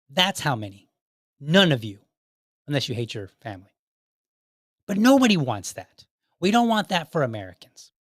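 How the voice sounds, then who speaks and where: A man's voice: on the high side, a bit bright, no echo, clean studio sound. A man hosting a podcast, delivering a heated, combative monologue full of rhetorical questions and mocking mimicry of his critics. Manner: mocking voices for imagined people. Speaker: podcast host. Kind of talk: opinionated commentary monologue.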